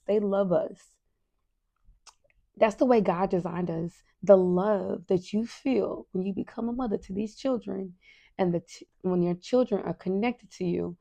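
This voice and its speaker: A woman in her thirties hosts a podcast and talks openly and emotionally. Her voice is gravelly and warm, and she drops into soft asides. The recording sounds slightly muffled and lo-fi. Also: mid-range voice. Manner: candid and emotional, with frequent fillers and soft asides. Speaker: podcast host. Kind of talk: casual personal talk.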